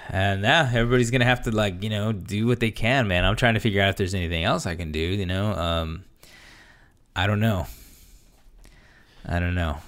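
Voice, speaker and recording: Deep-voiced man in rambling casual chat. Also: fairly quick, a bit bright. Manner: rambling, profane, lots of fillers and restarts.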